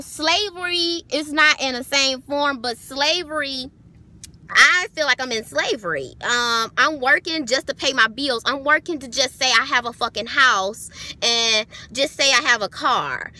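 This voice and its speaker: Woman vlogger, high voice, bright, blunt and profane, animated rant. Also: a little slow. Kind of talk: casual vlog rant.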